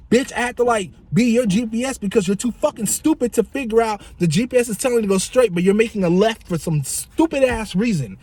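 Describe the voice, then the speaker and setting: Guy venting on his vlog, swearing a lot, kinda high voice, fed up. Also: expressive, brisk, hardly any pauses, a little mellow, slightly rough. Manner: profane, exasperated ranting. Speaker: vlogger. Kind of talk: casual storytelling vlog.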